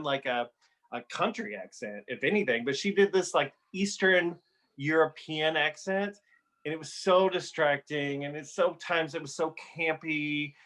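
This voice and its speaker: A man's voice: a little high, a bit bright. Chatty opinionated man, light voice. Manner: chatty, opinionated, filler-heavy. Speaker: podcast host. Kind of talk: casual chat.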